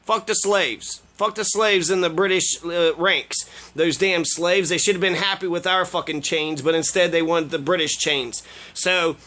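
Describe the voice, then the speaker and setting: Sex: man. Role: political commentator. Style: profane ranting commentary. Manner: sarcastic, swears constantly. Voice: high, bright. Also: steady tone, unhurried. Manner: sarcastic, heavy swearing, trails off in fillers.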